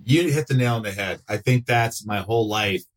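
A man in his fifties, a guest on a chat show, telling stories in a lively way, acting out quoted voices and swearing freely. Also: fairly low pitch, moderate pace. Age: 50s. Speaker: actor and podcast guest. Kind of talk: casual interview chat.

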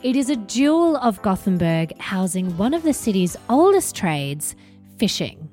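A woman from Sweden with a Stockholm accent, hosting a podcast and telling stories in a chatty, lively way. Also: medium pitch, unhurried, faint music behind. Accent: Stockholm Swedish. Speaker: podcast host. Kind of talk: casual podcast narration.

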